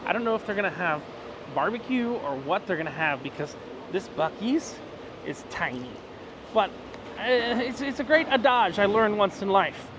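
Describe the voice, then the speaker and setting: Casual travel vlogger, male, high voice, rambling and excitable, recorded outside with loud background noise. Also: moderate pace. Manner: chatty, excitable, rambling with fillers. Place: roadside stores and outdoors.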